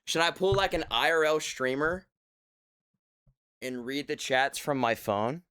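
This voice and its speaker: Joking male streamer, smooth dry voice. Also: a little high, expressive, unhurried, bright, forceful tone, no echo. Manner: joking, playfully mock-serious. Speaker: livestream host. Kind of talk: casual livestream chat. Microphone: desk mic from a few feet back.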